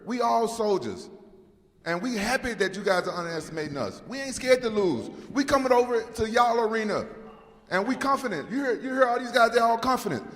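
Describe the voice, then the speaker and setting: Defiant man shouting back at a press conference. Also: sits high. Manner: defiant, combative, repeats himself. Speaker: MMA team captain. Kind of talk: press conference trash talk. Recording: reverberant hall.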